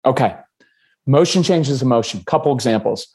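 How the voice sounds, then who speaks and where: Man guest, parenting podcast, mid-pitched, calm, steady delivery. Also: moderate pace, husky. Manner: calm, steady, gives examples with acted quotes. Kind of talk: casual podcast interview.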